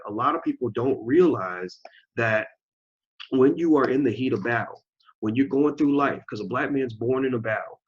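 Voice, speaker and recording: Husky, emphatic man preaching to camera. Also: medium pitch. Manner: emphatic and preachy, repeats phrases for stress. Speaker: channel host. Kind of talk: opinion commentary monologue. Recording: dull lo-fi recording.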